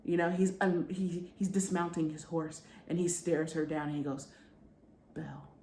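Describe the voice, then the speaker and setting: A woman's voice: on the low side, fairly even intonation, normal speed, mellow. A woman talking casually to her viewers about a book, chatty and full of asides. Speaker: book vlogger. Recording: roomy with faint background noise.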